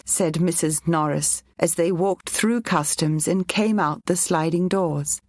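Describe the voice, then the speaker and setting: A woman reads a children's storybook aloud in a clear, even narrating voice. Her voice sits on the low side, and the recording is dry and close. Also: measured pace, dry recording.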